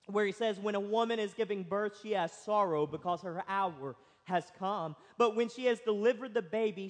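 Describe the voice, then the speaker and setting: A young male pastor, preaching a sermon and telling stories. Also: very high-pitched. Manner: storytelling, acts out other voices. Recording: long hall reverb.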